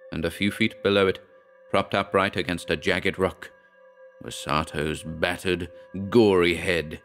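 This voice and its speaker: A man reading a horror story aloud in a measured, grave narration. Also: sits low, vocal fry, fairly bright tone. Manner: measured, grave storytelling with quoted dialogue read plainly.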